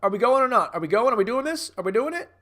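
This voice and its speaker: A man's voice: very high-pitched, sing-song, rapid-fire, pushed and bright, pitched above the performer's own voice, heavily acted. A man putting on an eager, impatient meathead who keeps pushing to get going. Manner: pushy, repetitive.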